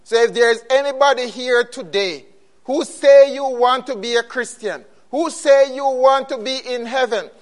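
A man's voice: extremely high pitch, fairly bright tone. A man preaching a sermon, emphatic and repeating his key phrases.

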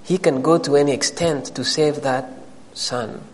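Animated preaching man in a reverberant hall. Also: fairly high pitch, measured pace. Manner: animated, rising emphatic preaching. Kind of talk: sermon.

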